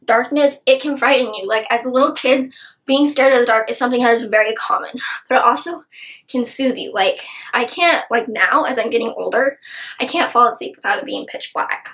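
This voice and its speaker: A woman's voice: a little high, a little fast, a bit bright. A young woman gushing about a book in a casual review chat, her sentences full of "like". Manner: gushing, filler-heavy with many "like"s.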